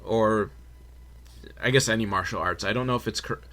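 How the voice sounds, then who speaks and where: A man's voice: on the low side, normal speed, a bit bright. A man hosting a podcast, recapping a film in a rambling, sarcastic, foul-mouthed way. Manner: rambling, sarcastic, swears freely, makes noises for quotes. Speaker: podcast host.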